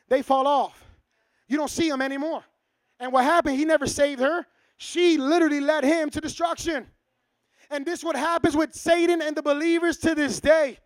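A man preaching a sermon to his church, casual and lively, acting out short dialogues. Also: very high-pitched, no room sound. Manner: casual, acts out little dialogues. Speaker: pastor.

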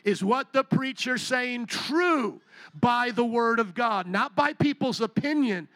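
A male pastor with a very high, expressive, slightly bright voice preaches slowly from a stage in a large building, holding a microphone. He fervently fires rhetorical questions at the congregation, and the sound has no echo.

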